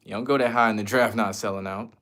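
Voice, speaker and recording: A man's voice: on the low side, fairly even intonation, fast talker, a bit bright. A man from the United States chatting casually as a streamer, answering viewer questions in a loose, slangy, profane way. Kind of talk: casual chat.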